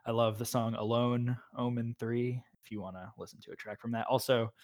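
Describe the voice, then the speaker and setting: A man's voice: medium pitch, flat delivery, a little fast, darkish tone. A man co-hosting a casual podcast, rambling through his thoughts and laughing often. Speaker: podcast co-host reviewing albums. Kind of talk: casual chat.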